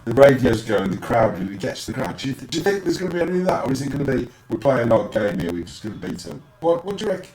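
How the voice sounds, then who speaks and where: A man's voice: mid-range voice, sing-song, fast talker, few pauses, reverberant, crowd noise, low-quality recording. Man teasing his co-host. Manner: teasing, dry asides. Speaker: podcast host. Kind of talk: casual football chat.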